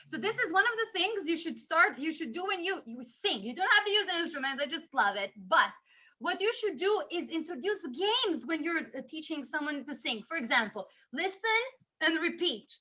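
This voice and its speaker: A woman with a very high, bright voice leads a training webinar for tutors. She talks with lots of energy and breaks into children's songs to show how they are taught. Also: moderate pace. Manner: energetic, sings and demonstrates songs. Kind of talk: lively teaching demo with singing.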